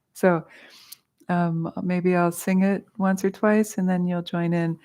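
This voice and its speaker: A woman's voice: fairly low pitch, flat delivery, slow pace, mellow. A middle-aged woman leading a mantra class, explaining with casual humor and easy laughter. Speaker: meditation teacher. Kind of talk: guided mantra teaching. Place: studio.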